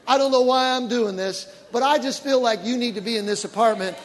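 A man, a pastor, preaching a sermon with animated storytelling that rises to shouted praise. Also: very high-pitched, a little fast, slight background noise. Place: large church auditorium. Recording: long reverb of a large church hall with congregation. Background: faint congregation.

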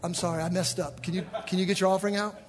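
A man's voice: sits high, steady tone, racing. A man leading a church service as pastor, joking with the congregation during the offering and closing with an altar call. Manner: joking, then chanting and shouting with the congregation. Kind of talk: church offering appeal and praise chant. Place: church sanctuary. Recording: church hall with music and crowd. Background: music and congregation.

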